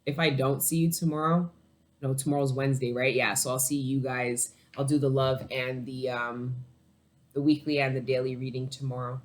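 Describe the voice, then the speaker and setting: Reading tarot for her viewers, this woman speaks in a rumbling low voice with little pitch movement and a moderate pace. She's casual, rambling, and emotional, swearing freely and laughing between thoughts.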